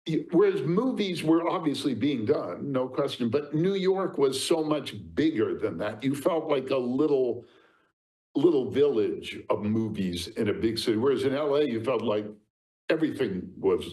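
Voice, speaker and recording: An older man spins show-business anecdotes as an interview guest. His voice sits at an ordinary middle pitch, and he tells his stories with lively energy and frequent laughter. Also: normal speed, poor audio. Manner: lively raconteur, laughing often. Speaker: interview guest, talent agent. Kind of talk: anecdotal storytelling.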